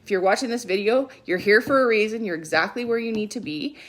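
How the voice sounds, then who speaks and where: A woman's voice: medium pitch, quick pace. A woman in her thirties speaking as a spiritual coach on a livestream, earnest and emphatic, with casual swearing. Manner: animated when quoting her kids. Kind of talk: livestream talk.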